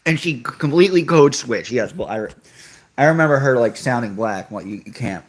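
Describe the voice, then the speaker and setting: A man's voice: medium pitch, expressive, a little fast. A young man hosting a live stream, chatting casually and reacting to viewer comments with offhand sarcasm. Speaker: livestream host reading chat. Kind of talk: casual livestream chat.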